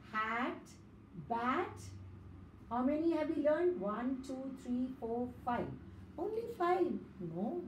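In a slow classroom phonics lesson, a woman who teaches kindergarten sings out letters one by one for young children. Her voice sits high, with slight background noise in an echoey room carrying faint ambience.

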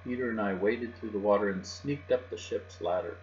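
Man reading a kids' storybook, mid-pitched, soft and even; dull lo-fi recording, faint hum. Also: a little fast. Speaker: storybook reader. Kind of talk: reading a picture book aloud.

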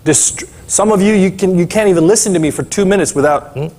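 Middle-aged male pastor, lively conversational sermon, fairly high voice for a man, acts out quotes. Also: fast talker. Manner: animated, conversational preaching with acted-out quotes.

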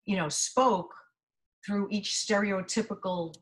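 A woman's voice: mid-range voice, takes it slowly, low-quality recording. A woman correspondent conducting a casual interview. She asks her questions in an enthusiastic, complimentary way.

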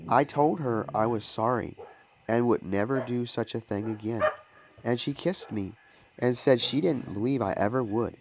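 A man's voice: mid-range voice, moderate pace, noisy background, close to an everyday voice. A man voicing a remorseful little boy caught stealing apples, pleading through sobs. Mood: relieved. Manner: sobbing, pleading.

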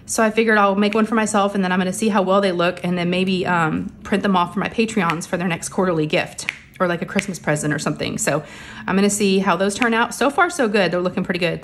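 Woman, middle-aged, chatty home crafting vlogger; rambling, a bit short of breath, soft hum behind her. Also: mid-range voice. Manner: chatty, rambling, many fillers. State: a little out of breath, under the weather. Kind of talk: casual chat while crafting. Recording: faint background hum of printers.

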